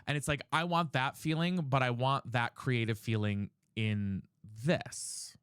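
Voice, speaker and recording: Guy streaming, just chatting, earnest and searching, lots of restarts, clean smooth voice. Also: mid-range voice, measured pace, fairly bright tone, no echo, clean studio sound. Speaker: livestreamer. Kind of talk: candid casual chat on a livestream.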